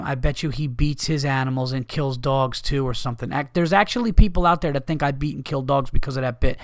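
Male comedian host, heated profane monologue, mid-pitched voice, dry close sound. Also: fast talker, few pauses, dry recording. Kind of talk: casual podcast monologue.

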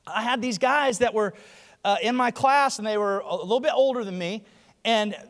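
High-voiced man preaching in a hall. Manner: animated storytelling, acting out other voices. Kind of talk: sermon. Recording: long hall reverb.

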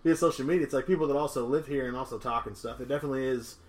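A man, co-hosting a podcast in casual chat, talking quickly with lots of fillers and "you know what I mean". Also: mid-range voice, a crowd in the background. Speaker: podcast co-host.

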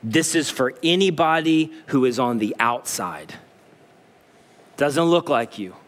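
A man preaching a sermon as pastor, animated as he acts out puzzled listeners, then dropping to slow, low emphasis. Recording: long hall reverb.

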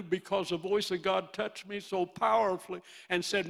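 A man in his eighties with a Midwestern American accent, preaching a sermon and swinging from loud bursts to hushed storytelling. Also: high voice, flat delivery, moderate pace, gravelly, hardly any pauses. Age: 80s.

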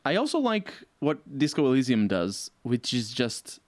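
Man, casual podcast chat, animated and exasperated, dry close sound. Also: medium pitch, moderate pace, dry recording. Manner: animated, exasperated rants with laughs.

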